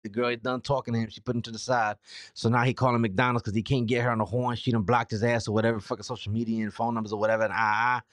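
A man's voice: mid-range voice, level tone, very fast, no room sound. A man hosting his own podcast solo, talking in a loose, profane, irritated way with a sore mouth. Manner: profane, loose and irritated, swings from muttering to loud outbursts. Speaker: podcast host. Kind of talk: casual solo podcast rant.

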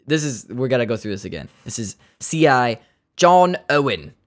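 A man's voice: medium pitch, very animated, moderate pace. Joking, rambling podcast host man. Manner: rambling, jokey, swearing, laughing at his own asides. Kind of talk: casual solo podcast chat.

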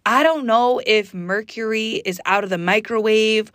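Energetic woman hosting a positivity podcast. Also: unhurried, dry recording, studio quality. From US East Coast. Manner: energetic, chatty, bursts into high exclamations. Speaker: podcast host. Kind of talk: upbeat motivational podcast monologue.

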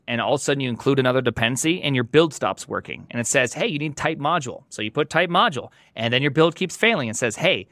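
A man as a podcast guest, a software engineer talking through opinions in animated, emphatic, rambling chat. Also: a little high, no room sound, studio quality. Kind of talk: casual opinionated tech chat.

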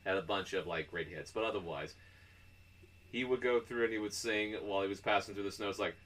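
A fairly low-pitched man chatting in a loose, laid-back manner. He sits a little back from the microphone, so his voice sounds somewhat distant. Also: a little fast, a bit bright. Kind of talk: casual chat.

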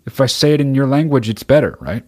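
A man's voice: mid-range voice, lively intonation, fast, darkish tone. A man hosting a podcast in casual chat, answering listener questions bluntly and swearing constantly as he rambles. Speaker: podcast host.

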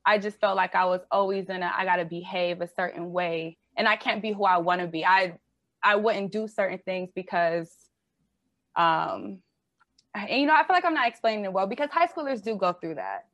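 A woman speaking as a podcast guest, reflective and hesitant, with frequent pauses and fillers. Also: medium pitch, a bit bright, no echo, highs cut off. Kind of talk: candid conversation.

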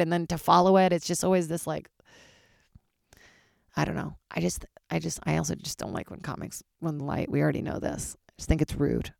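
A woman stand-up comedian hosting her own podcast, rambling casually, swearing freely and jumping wildly in pitch. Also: brisk, gravelly, no room sound, studio quality. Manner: animated, swears freely, big jumps in pitch.

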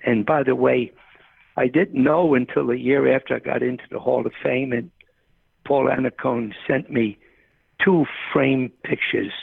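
Gravelly older man on a phone line. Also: medium pitch, no echo. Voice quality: gravelly, husky. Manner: rambling, repeats the host's name often. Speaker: tennis coach, guest. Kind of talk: phone interview, storytelling.

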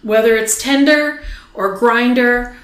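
A woman's voice: a little high, slow. A woman hosting a podcast, telling a bawdy story in casual chat and laughing as she goes. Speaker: podcast host. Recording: roomy echo.

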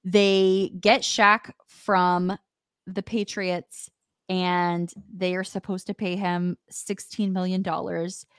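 A woman's voice: lowish voice, level tone, slow, clear, resonant tone, no room sound, clean studio sound. A woman co-hosting a sports podcast, chatting casually and thinking aloud. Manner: conversational, thinks aloud with fillers. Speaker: podcast co-host.

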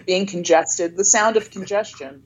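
A woman's voice: medium pitch, moderate pace, dull audio. A woman guest on a casual podcast chat, playful and jokey.

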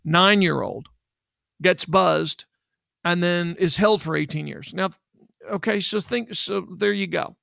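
Middle-aged man, ex-investigator type, very gravelly voice, dry close sound, rambling storyteller. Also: high-pitched, a little slow, pushed and bright, no echo. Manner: rambling, acts out quoted dialogue. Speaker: podcast co-host, former investigator. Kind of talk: casual true-crime storytelling.

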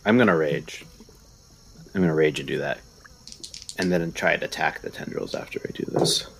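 A man's voice: rumbling low, normal speed, gravelly, background noise. A man playing in a tabletop game, speaking hesitantly with many fillers. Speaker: player.

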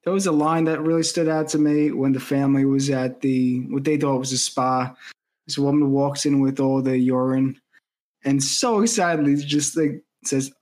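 A man's voice: medium pitch, flat delivery, moderate pace, darkish tone. A man co-hosting a casual movie podcast, telling stories about his favorite scenes with enthusiasm. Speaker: podcast co-host. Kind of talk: casual movie review chat.

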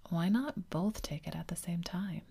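A woman's voice: fairly low pitch, moderate pace, creaky, mellow, breathy edge. A woman voicing a sensible, kind young girl in a whispered role-play. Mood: earnest.

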